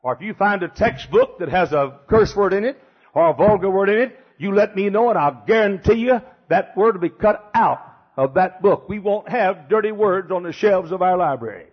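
Emphatic older pastor, husky fiery sermon. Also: male voice, sits high, lively intonation, moderate pace. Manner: emphatic, repetitive, swings from shouting to hushed. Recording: dull lo-fi sermon recording.

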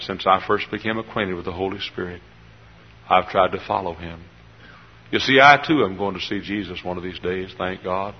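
A man's voice: deep voice, breathy edge, long reverb tail. An older man preaching a sermon with fervor, often repeating his phrases. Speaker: pastor. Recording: dull lo-fi sermon recording.

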